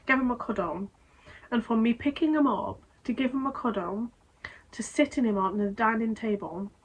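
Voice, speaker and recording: A woman's voice: mid-range voice, low-quality recording. Woman vlogger retelling an upsetting day. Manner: emotional, rambling retelling with quick restarts. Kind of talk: casual vlog storytelling.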